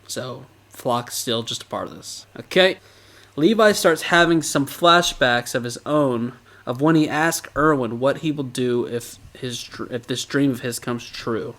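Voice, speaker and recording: A man's voice: medium pitch, a little slow. Chatty man recapping, laughing often. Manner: animated storyteller, laughs often. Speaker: podcast co-host recapping episodes. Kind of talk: casual podcast recap.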